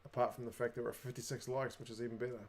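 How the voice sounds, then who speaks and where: A man's voice: mid-range voice, flat delivery, rapid-fire, darkish tone. A young adult man with a New Zealand accent, hosting a casual livestream, chatting away and reading viewer comments aloud. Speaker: livestream host.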